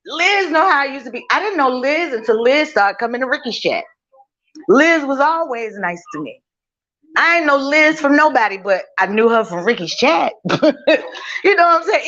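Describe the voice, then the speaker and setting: A woman's voice: sits high, pushed and bright, lo-fi sound. A woman hosting a casual livestream from her kitchen, talking bluntly to her chat, swearing freely and laughing often. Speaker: livestream host. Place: home kitchen, cooking while streaming.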